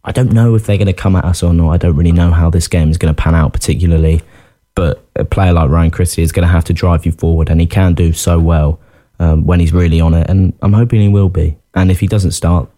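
A man's voice: low-pitched, steady tone, fast, warm tone. A man co-hosting a casual football podcast, chatty and self-deprecating, often laughing. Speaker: podcast co-host.

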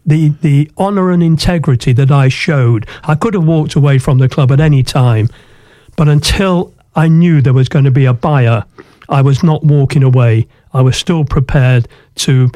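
A man's voice: medium pitch, warm tone, dry recording. A man who once owned a football club looks back on his story in an interview, in an anecdotal way with frequent "you know" fillers.

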